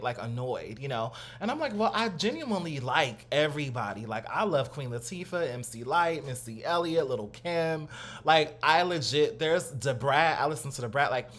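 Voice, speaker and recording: A young man hosting his own channel, chatting in a casual, animated way with lots of slang and asides, at home on a new studio mic. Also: medium pitch. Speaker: host. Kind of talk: casual reaction commentary.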